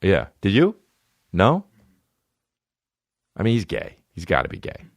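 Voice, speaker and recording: A man's voice: deep voice, wildly swooping pitch, unhurried, no room sound, studio quality. A man in his thirties hosting a comedy podcast, riffing profanely and slipping into mocking voices. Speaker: podcast host.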